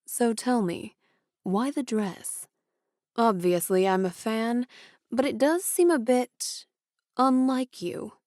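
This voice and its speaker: A woman's voice: on the high side, slow, darkish tone, no room sound, studio quality. A woman voicing a charming, arrogant young male officer who talks in a smug, teasing way.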